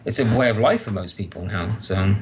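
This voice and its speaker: A man's voice: on the low side, a little fast, a little hiss or hum. Enthusiastic man on dull lo-fi audio. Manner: enthusiastic, animated storytelling with mock exclamations. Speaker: guest author. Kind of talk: casual podcast chat.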